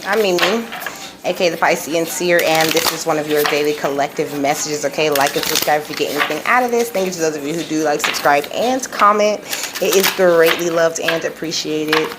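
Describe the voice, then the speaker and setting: Low-voiced chatty woman reading tarot. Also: fairly quick, very noisy. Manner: chatty, slangy, laughs often. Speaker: tarot reader.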